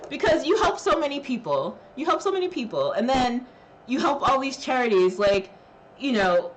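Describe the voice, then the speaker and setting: A woman's voice: high-pitched, big pitch swings, moderate pace, background noise. A woman streamer chatting casually with her live chat, emotional and laughing, thanking viewers with lots of fillers.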